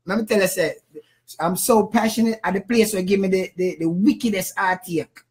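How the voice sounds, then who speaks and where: A man's voice: high voice, steady tone, a little fast, breathy edge. A man with a Jamaican accent, a guest musician chatting on a radio show in laid-back patois. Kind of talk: casual radio chat.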